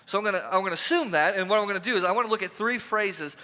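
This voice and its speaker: Male pastor, high sharp voice, casual sermon full of repeated questions, long hall reverb in a church. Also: rapid-fire. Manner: conversational, repeats rhetorical questions, joking asides. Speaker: lead pastor. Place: church sanctuary.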